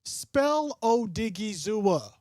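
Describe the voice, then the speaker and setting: A young man streaming live football play-by-play and reaction, joking with his chat in an excitable, playful way. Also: high voice, drawn-out words, dry recording. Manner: excitable, jokey, talks straight to chat.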